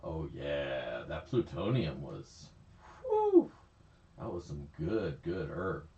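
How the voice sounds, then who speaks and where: A man's voice: a bass voice, lively intonation, slow pace, a little mellow. A man chatting casually on a livestream, rambling, laughing often and swearing freely. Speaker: livestream host. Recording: echoey, slightly dull stream audio.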